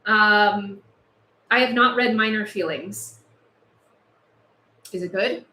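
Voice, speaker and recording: In a roomy recording, a woman with a sharp, mid-range voice takes her time as she hosts a livestream. She's chatty and impassioned, laughing between points, and clearly overheated in a house lacking air conditioning.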